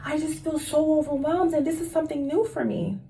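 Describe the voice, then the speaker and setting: A woman's voice: sits high, fairly even intonation, brisk, vocal fry, recorded from a distance, a little hiss or hum, voice pushed up. A woman voicing a timid, worried woman who calls the hospital about a relative and speaks hesitantly. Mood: apologetic. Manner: hesitant and soft-spoken, with fillers.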